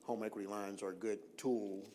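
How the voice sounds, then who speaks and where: A man with a lowish, mellow voice talks a church group through credit basics. His delivery is loose and conversational, padded with "uh" and "um", and he slows down on purpose to drive a point home. A faint hum of ambience sits behind him. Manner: relaxed, lots of "uh" fillers, slows down deliberately for emphasis. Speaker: financial workshop presenter. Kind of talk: informal seminar talk. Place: church hall.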